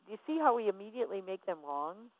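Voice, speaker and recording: A woman's voice: mid-range voice, sing-song, quick pace, dry recording. Woman motivational speaker, emphatic, repeats herself for effect; tinny, phone-like, dry sound. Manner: emphatic, repeats phrases, acts out dialogue. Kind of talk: motivational talk.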